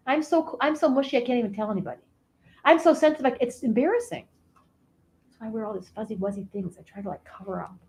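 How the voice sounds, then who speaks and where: Woman doing a high-voiced, whiny, oversensitive Cancer personified, melodramatic and self-pitying. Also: fast, darkish tone, close to an everyday voice, rough recording. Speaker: comedic character performer. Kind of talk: improv comedy character.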